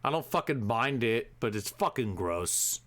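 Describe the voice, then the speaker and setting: Bright-voiced swearing rant host. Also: male voice, medium pitch, lively intonation, a little slow. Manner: swearing constantly, swinging from shouting to muttering. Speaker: live show host. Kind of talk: profane comedic rant.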